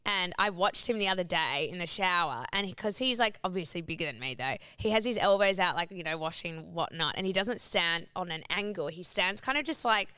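A woman's voice: on the low side, expressive, a little fast, few pauses, pushed and bright, clear, resonant tone, no echo, studio quality. A young woman in casual chat, rambling through a story with lots of "like" and freely swearing.

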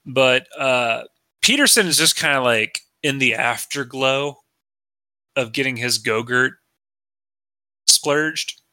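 Brief: male podcast co-host, crude teasing humor, very bright sharp tone. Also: medium pitch, slow, pauses often, no room sound. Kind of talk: crude comedic podcast chat.

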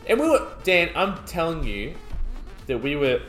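Animated young man in an echoey room. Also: fairly high pitch, normal speed, faint music behind. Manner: animated, jokey, swears freely. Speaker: podcast co-host. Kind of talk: casual storytelling chat.

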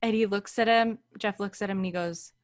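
A woman co-hosting a podcast, telling anecdotes in an animated, unhurried way in casual chat. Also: mid-range voice, dry recording, clean studio sound. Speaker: podcast co-host. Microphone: studio microphone.

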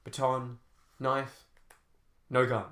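A man's voice: mid-range voice, little pitch movement, drawn-out words, fairly bright tone. A man narrating an action novel as an audiobook, telling fight scenes dramatically with shifting pace. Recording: roomy echo.

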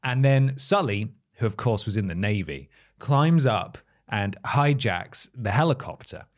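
A man's voice: on the low side, lively intonation. Chatty man reviewing a film. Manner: chatty, wry, quick asides. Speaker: podcast co-host. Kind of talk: casual film review chat.

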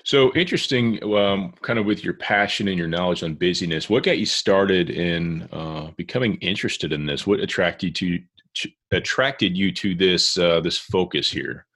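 Deep-voiced male interview host. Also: normal speed. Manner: relaxed and chatty, many fillers. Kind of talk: casual interview chat.

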